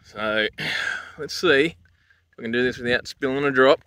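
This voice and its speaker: An Australian man talking through a low-budget review with crude, swearing larrikin banter. His voice is bright and forceful, with a plain middle pitch. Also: a little slow, a little hiss or hum. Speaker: drink and food reviewer. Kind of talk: crude casual vlog commentary.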